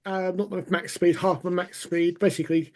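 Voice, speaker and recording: A man's voice: high-pitched, level tone, normal speed, a little mellow. A man speaking as a player in a tabletop game, rambling with many fillers. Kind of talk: casual tabletop play.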